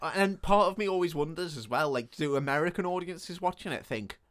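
A man's voice: fairly high pitch, brisk, fairly bright tone. A man co-hosting a casual film chat, bantering, swearing and laughing a lot. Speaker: podcast co-host.

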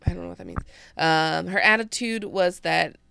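Woman co-host with a lowish, fry-heavy voice, rambling and self-interrupting as she reads. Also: moderate pace, pushed and bright. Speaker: podcast host. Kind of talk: casual chat, reading an article aloud.

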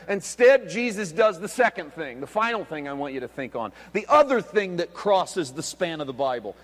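A man preaching a sermon as pastor, swinging between hushed, quiet lines and loud, emphatic ones. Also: sits high, lively intonation, moderate pace, hardly any pauses. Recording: long hall reverb.

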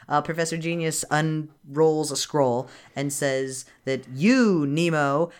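A woman co-hosting a podcast, casually retelling a movie plot with laughs and swearing. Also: sits low. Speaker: podcast co-host. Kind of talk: casual chat recapping a movie.

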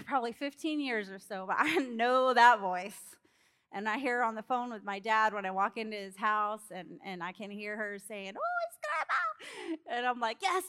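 A woman preaching a sermon in an animated storytelling way, acting out characters and laughing along. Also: fairly high pitch.

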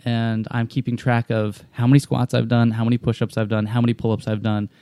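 A man of middling pitch tells a long story in casual conversation. He rambles, swears freely and keeps restarting his sentences. The sound is dry and close, with no room echo. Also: level tone, fairly quick, warm tone. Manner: rambling and profane, with frequent restarts. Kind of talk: casual chat.

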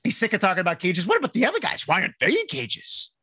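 A man's voice: high voice, huge pitch swings, rapid-fire, bright, forceful tone, breathy edge, no room sound, studio quality. A man co-hosting a casual show, reading live chat comments and joking around with many fillers. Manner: rambling, joking, lots of fillers. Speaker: podcast co-host.

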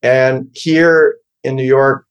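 A man in his fifties from Oklahoma, USA, appearing as a guest actor, speaks slowly with a steady, clear, resonant medium-pitched voice on a lo-fi recording. His casual interview storytelling is rambling and wry, and he keeps correcting himself mid-sentence.

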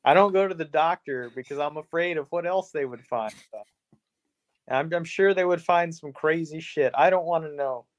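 A man's voice: on the high side, moderate pace. Rambling, self-deprecating male podcaster. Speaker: podcast co-host. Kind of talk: casual podcast chat.

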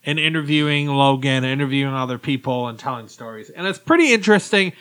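A man's voice: mid-range voice, lively intonation, quick pace, a bit bright, smooth. A man co-hosting a casual podcast, chatting in an easygoing way with frequent fillers. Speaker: podcast co-host. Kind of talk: casual chat.

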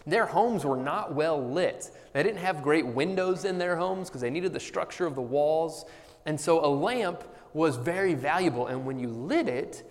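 A man preaching a sermon as pastor, earnest and emphatic, with bursts of animated humor. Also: a little high, in a large hall.

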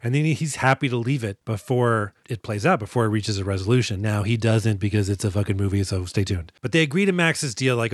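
A man's voice: medium pitch, a little fast, few pauses, no room sound, studio quality. A man co-hosting a movie podcast, recapping scenes in a casual, profane, wry way with mocking asides. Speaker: podcast co-host.

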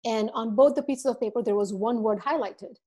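A woman podcast guest telling an animated story, acting out quotes and laughing often. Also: fairly high pitch, brisk. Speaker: podcast guest, marketing speaker.

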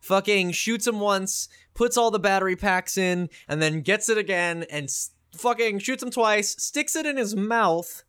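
This man co-hosts a casual gaming podcast, and his voice sits high and clean, moving a little slowly with hardly any pauses. He recaps in an animated, profane way, swearing freely and acting out the characters' lines.

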